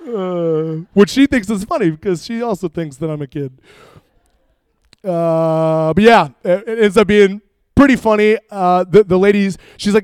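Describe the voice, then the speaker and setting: A young man, a youth pastor, preaching and telling a funny personal story with animated, jokey asides. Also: sits high, normal speed, clean tone, no echo, studio quality.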